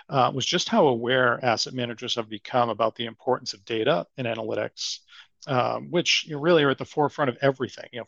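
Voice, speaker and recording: A man's voice: mid-range voice, vocal fry, fairly bright tone, no echo, dull audio. A man with a Boston accent, a guest on a podcast interview, talking thoughtfully with many "you know" fillers. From Boston area. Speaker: guest, asset management strategist.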